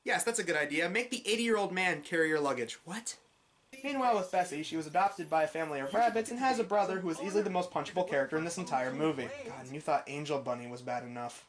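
Fast-talking sarcastic woman reviewer. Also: deep voice. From New York, USA. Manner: snarky, mocking, growing exasperated. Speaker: film reviewer. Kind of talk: sarcastic movie review commentary.

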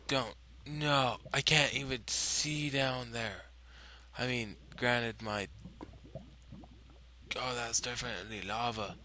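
A man's voice: mid-range voice, steady tone, slow pace, long pauses, bright, forceful tone, a little hiss or hum. A man hosting a let's play at home at night, muttering to himself, dropping to whispers and bursting into frustrated cries. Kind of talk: gaming commentary.

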